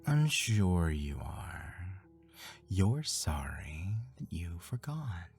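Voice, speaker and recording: A woman voicing a cold, scornful, menacing husband in a whispered role-play, speaking softly and slowly. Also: very deep voice, sing-song, creaky, breathy edge, soft background music, pitched below the performer's own voice, exaggerated voice. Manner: soft, slow, whispered menace.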